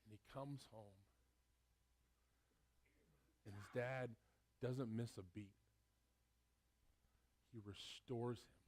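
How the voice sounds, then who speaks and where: Man, pastor, sermon, animated retelling, stammers and repeats, mid-pitched voice. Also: slow, pauses often, a little hiss or hum.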